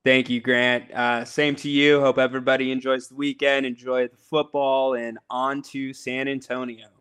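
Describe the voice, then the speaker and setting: A man co-hosting a sports show gives short, agreeable replies. His voice is smooth and clear, and it stays level in pitch. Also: level tone, moderate pace, a bit bright. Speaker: co-host. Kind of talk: casual chat.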